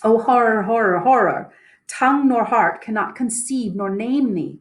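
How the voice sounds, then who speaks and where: A woman's voice: medium pitch, expressive, unhurried, reverberant, lightly acted. A woman reading the part of a nobleman who raises the alarm, declaiming urgent verse.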